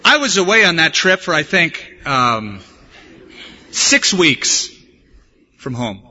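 Bright-voiced American pastor preaching. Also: male voice, on the high side, sing-song, slow. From United States. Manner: earnest preaching mixed with humorous personal stories. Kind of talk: sermon. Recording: dull, echoey church hall recording.

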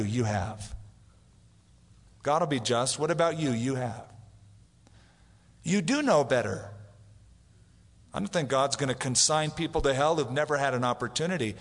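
A man's voice: fairly high pitch, moderate pace. A man preaching a sermon as pastor, telling stories and acting out the voices of the people he quotes. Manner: storytelling, acts out quoted voices. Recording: long hall reverb.

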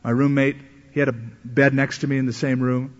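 A man's voice: medium pitch, flat delivery, fairly quick. A man preaching a sermon as a pastor, telling a story and acting out the voices of the people in it. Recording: echoey hall, dull lo-fi sound.

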